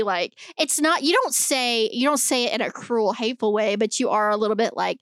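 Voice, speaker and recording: An animated woman co-hosting a podcast, arguing her point in casual chat and swearing freely. Her voice sits fairly high. The sound is dry and close, with no room in it. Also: a little fast, few pauses, smooth, no echo. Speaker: podcast co-host.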